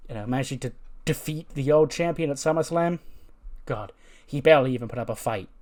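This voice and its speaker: A man's voice: medium pitch, fairly quick, darkish tone, close to an everyday voice. A man voicing a boastful male cruiserweight champion.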